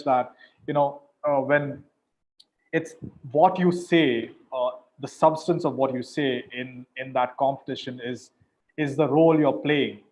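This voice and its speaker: A man judging mediation competitions gives informal coaching advice in an animated way, often repeating words as he starts a sentence. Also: mid-range voice, rough recording.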